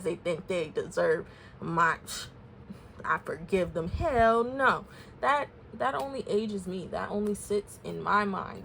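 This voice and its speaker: A woman's voice: lowish voice, gravelly, a bit bright, slight background noise. A woman giving a casual tarot reading, talking openly and emotionally to her viewers with many fillers. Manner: candid, emotional, chatty with fillers. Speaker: tarot reader.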